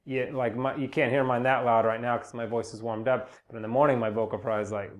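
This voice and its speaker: A young man giving a casual spoken singing lesson, relaxed and rambling, with many fillers and restarts. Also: medium pitch, fast talker. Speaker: singing teacher. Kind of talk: casual spoken vocal lesson with sung demonstrations.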